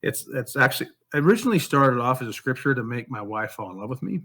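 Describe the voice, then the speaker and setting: A man's voice: medium pitch, very animated, fast, pushed and bright. A man being interviewed as an author and songwriter, telling a personal story in an earnest, heartfelt way.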